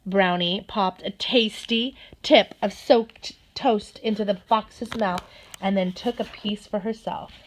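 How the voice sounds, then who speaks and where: A woman narrating a children's storybook in a gentle, steady manner. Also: mid-range voice, slow pace, slight background noise. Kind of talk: storybook read-aloud.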